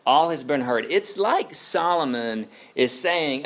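A man in his thirties, a pastor preaching a sermon in a conversational, animated way, full of asides and questions to the congregation. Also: a little high, slow pace, hardly any pauses, slight background noise.

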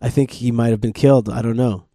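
A man's voice: mid-range voice, fairly even intonation, fast, warm tone, no echo, clean studio sound, lightly acted. A man voicing a grieving father wolf who is searching for his lost son, speaking in a subdued, pleading way.

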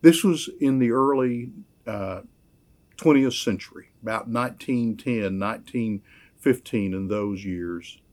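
A man preaching a sermon, measured and emphatic, repeating key phrases. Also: lowish voice, darkish tone. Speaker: pastor.

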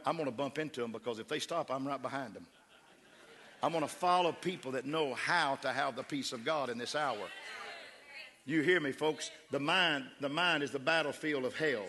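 Gravelly West Texas pastor preaching. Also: male voice, on the high side, fairly bright tone. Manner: fervent, emphatic preaching with crowd call-outs. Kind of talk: sermon. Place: church sanctuary. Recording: echoey church hall.

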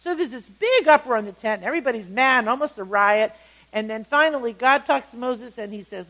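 A woman teaching a Bible study, retelling scripture stories with animated storytelling and acted-out quotes. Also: fairly high pitch, fairly quick, rough recording.

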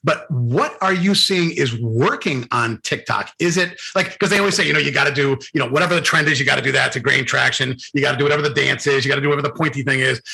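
A man's voice: mid-range voice, fast, creaky, few pauses, sharp tone. A man in his fifties hosting an interview, brash and joking, swearing casually. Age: 50s. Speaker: podcast host.

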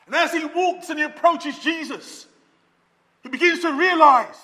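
A man preaching with a very high, bright, forceful voice. He swings from loud calls to soft, low lines. His voice carries a long reverb, as if he stands in a church hall. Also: moderate pace. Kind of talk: sermon.

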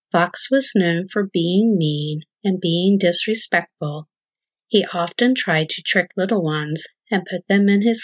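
A woman narrating a rhyming children's story as host, with a measured, sing-song delivery. Her voice sits on the low side. The recording is dry, close and a little dull. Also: husky, no room sound.

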